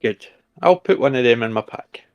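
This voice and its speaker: A man voicing a gruff male dwarf adventurer in a put-on Scottish accent, jokey and teasing. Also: medium pitch, animated, moderate pace, no room sound, dull audio, lightly acted. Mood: dry. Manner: jokey banter.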